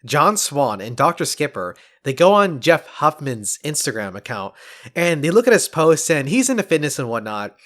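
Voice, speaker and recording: A man's voice: fairly high pitch, very animated, moderate pace, a bit bright. A man hosting a podcast in casual chat, mocking and laughing often. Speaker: podcast host.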